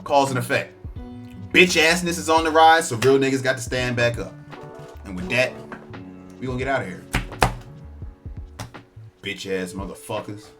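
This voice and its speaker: A man's voice: medium pitch, normal speed, pauses often, over music. A man giving a blunt, profane, mocking rant of political commentary. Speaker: online commentator.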